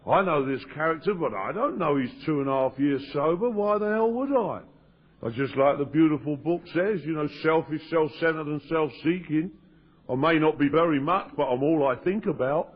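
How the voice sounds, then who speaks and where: A man's voice: fairly high pitch, normal speed, breathy edge. A man telling his recovery story at a meeting, acting out the quoted dialogue in raised voices. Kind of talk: personal recovery story told to an audience. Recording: dull lo-fi 1992 tape of a live talk.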